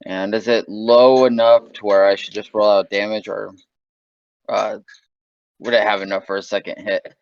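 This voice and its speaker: A man's voice: lowish voice, flat delivery, normal speed, vocal fry, no echo. A man playing in an online tabletop game, asking about the scene and stating his actions plainly. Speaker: player. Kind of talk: casual tabletop game chat. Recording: dull lo-fi call audio.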